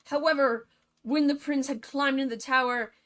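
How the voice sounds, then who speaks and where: Bright, sarcastic woman narrator. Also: high-pitched, steady tone. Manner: sarcastic, jokey asides, fast and bubbly. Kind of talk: comedic fairy-tale retelling.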